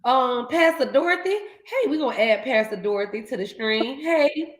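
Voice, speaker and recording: A woman hosting a live stream, telling a story in casual chat, animated and laughing as she acts out the voices in it. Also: fairly high pitch, moderate pace, echoey room, rough recording. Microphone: video call.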